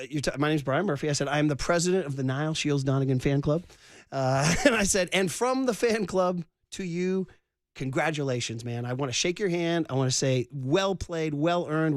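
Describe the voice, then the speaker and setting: A man hosting sports radio, telling stories in an animated, slangy way, calling people dude. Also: on the high side, dry recording, clean studio sound. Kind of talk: excited sports radio storytelling. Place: radio studio.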